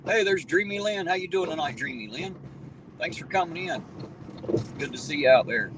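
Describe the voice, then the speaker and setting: A man's voice: a little high, animated, moderate pace. A man with an Appalachian accent chatting casually on a live stream from his vehicle at night, greeting viewers by name in a folksy, talkative way. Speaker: livestream host. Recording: distant mic with loud road noise.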